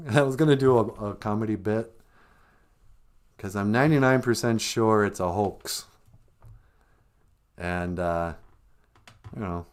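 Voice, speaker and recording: A man from Minnesota hosting a comedic live stream, rambling and halting with a dry, self-mocking humor. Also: on the low side. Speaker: host of a language comedy show.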